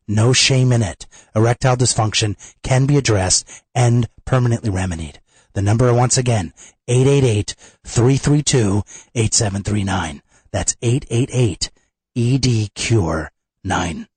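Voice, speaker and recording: A man's voice: medium pitch, measured pace, darkish tone, breathy edge, no room sound. A man hosting a radio talk show, a little congested from a cold, talking in a plain conversational way. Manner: conversational, repeats phone numbers. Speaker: radio host.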